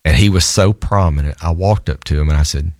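A middle-aged man, a divorce lawyer, telling an animated anecdote in conversation, often laughing and repeating words. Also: extremely low pitch, a little fast, no echo, studio quality. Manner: lively storyteller, laughs often, repeats himself.

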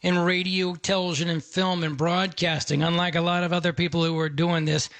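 Gravelly-voiced chatty male radio host. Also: fairly high pitch, flat delivery, a little fast, fairly bright tone, no echo. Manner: chatty, conversational, friendly. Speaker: radio tech show host. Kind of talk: casual talk radio.

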